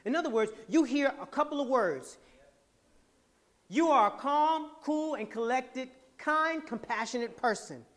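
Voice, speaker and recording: A man hosting a podcast, giving an animated, laughing, preacher-like motivational talk to a live audience. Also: extremely high pitch, measured pace. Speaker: podcast host and speaker.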